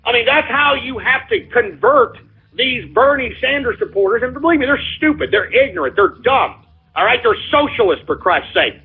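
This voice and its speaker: A man's voice: extremely high pitch, expressive, normal speed, breathy edge. A man hosting a call-in radio show, ranting heatedly with lots of profanity and repetition. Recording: lo-fi phone-like sound.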